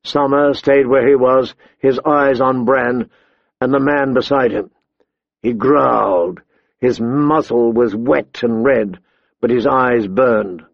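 A man narrating a fantasy audiobook in a measured, deliberate storytelling manner. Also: mid-range voice, gravelly, no echo. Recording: slightly dull, dry recording.

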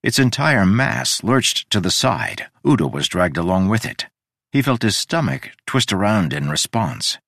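A man reading a fantasy audiobook in a measured, dramatic storytelling manner. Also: on the low side, very animated, creaky, fairly bright tone, no echo, clean studio sound. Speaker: audiobook narrator. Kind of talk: scripted fantasy narration.

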